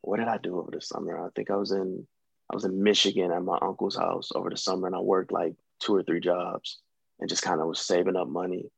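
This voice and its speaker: A young American man, an actor, chatting as a guest in a relaxed, rambling way with many fillers. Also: low voice, fast talker, creaky, slightly rough, dry recording. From United States. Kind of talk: casual interview chat.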